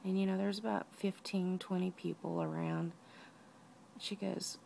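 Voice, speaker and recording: A weak, out-of-breath woman lying down at home, talking softly in a personal video diary and often dropping to a whisper. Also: fairly low pitch, flat delivery, measured pace, creaky, a little hiss or hum. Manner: tired, soft-spoken, often drops to a whisper. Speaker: vlogger.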